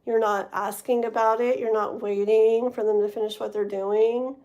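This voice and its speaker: A woman's voice: a little high, flat delivery, normal speed, darkish tone, highs cut off. A woman doing a live-stream tarot reading, talking straight to the viewer, rambling and stumbling over her words. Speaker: tarot reader.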